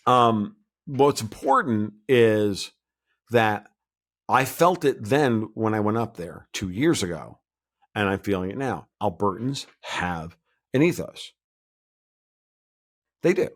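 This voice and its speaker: A man talking as a guest in a casual podcast interview, blunt and rambling, often restarting his sentences. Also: fairly low pitch. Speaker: guest commentator.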